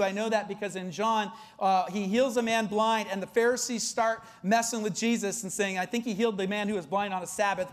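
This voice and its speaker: Pastor, sermon, conversational, lots of fillers, loud-to-hushed swings. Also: mid-range voice.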